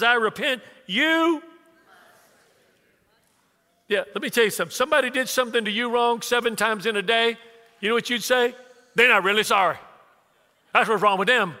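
A man, preaching a conversational sermon full of stories, swinging from hushed asides to loud bursts. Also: very high-pitched, moderate pace. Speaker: pastor. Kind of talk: sermon with storytelling. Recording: reverberant church hall.

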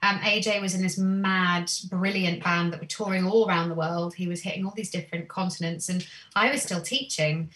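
A woman, a singer, telling stories from her career in a chatty, animated way with many "um"s. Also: on the low side, a little fast, hardly any pauses, distant mic. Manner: animated storyteller, many "um"s, laughs easily. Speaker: guest singer. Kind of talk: casual interview chat.

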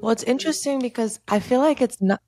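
A woman's voice: a little high, fast, darkish tone, no room sound. Reflective woman co-host, dry sound. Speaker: podcast co-host. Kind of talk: casual podcast conversation.

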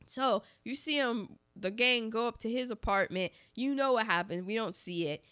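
High, bright-voiced woman, laughing as she talks. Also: normal speed, few pauses. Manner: animated, laughs often while retelling scenes; excitable, with many restarts. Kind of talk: casual film discussion.

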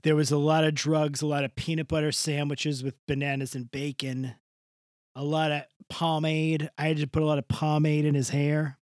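A man's voice: fairly high pitch, little pitch movement, normal speed, darkish tone, no room sound, clean studio sound, natural voice. A man improvising as a bawdy seventy-five-year-old woman in a comedy podcast bit, rambling and crude. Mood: bawdy gossip. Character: bawdy elderly woman playing a famous ex-wife, gossipy, crude.

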